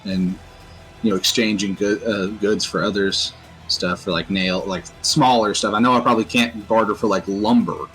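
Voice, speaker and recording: A man's voice: fairly low pitch, fairly even intonation, normal speed, a bit bright, poor audio. A man playing in a tabletop role-playing game over a voice call, rambling with lots of filler words, with faint music in the background. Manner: rambling, many fillers like "like" and "stuff". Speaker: player.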